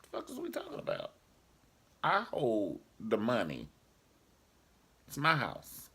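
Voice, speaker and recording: A man voicing an angry rich husband who curses and yells about his money and his house. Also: mid-range voice, wildly swooping pitch, slow, gravelly, husky, pitched above the performer's own voice, full character voice. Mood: furious. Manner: cursing, yelling.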